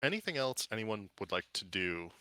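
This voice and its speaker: Guy running a tabletop game, lowish bright voice, chatty and loose, dry sound. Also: sing-song, normal speed, dry recording. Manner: casual, with many fillers and restarts. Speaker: game master.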